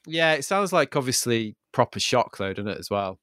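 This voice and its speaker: A man's voice: mid-range voice, sing-song, moderate pace, fairly bright tone, dry recording, clean studio sound. A man hosting a casual chat who talks loosely and frankly, full of fillers.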